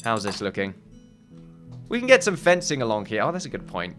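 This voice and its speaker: A man giving casual gameplay commentary, thinking aloud in a muttering way with sudden loud outbursts. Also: lowish voice, wildly swooping pitch, a little fast, pauses often, soft background music. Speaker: gaming video host.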